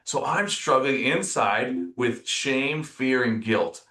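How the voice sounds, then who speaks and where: A man's voice: medium pitch, slow. Reflective man in an echoey room. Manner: reflective, storytelling, animated when quoting others. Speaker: podcast guest, company executive. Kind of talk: casual conversational interview.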